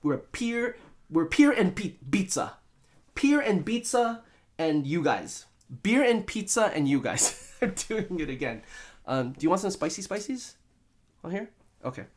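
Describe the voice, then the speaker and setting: A man's voice: high voice, big pitch swings, moderate pace. A man hosting a casual live stream from a home studio, chatting with viewers in a playful, rambling way full of jokes and wordplay.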